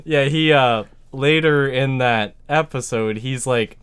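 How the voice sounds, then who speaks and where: A man's voice: medium pitch, slow, fairly bright tone, clean tone. A man chatting casually about a show, chiming in with jokes and chuckling a lot. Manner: laid-back, chuckles a lot, chimes in with jokes. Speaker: podcast co-host. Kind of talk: casual show recap chat.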